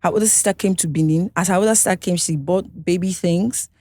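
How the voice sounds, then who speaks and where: A Nigerian singer, appearing as an interview guest, candidly recounts her life in Nigerian-accented English. Her speech is halting, with frequent restarts and check-ins like "you understand?", and her lowish voice sounds warm, with no room sound.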